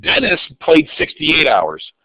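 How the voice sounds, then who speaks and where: A man's voice: on the high side, huge pitch swings, slow, gravelly, sharp tone, no echo. A man teaching a live online algebra review lesson, calling on students by name in an upbeat way. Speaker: math teacher. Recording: dull lo-fi dry sound.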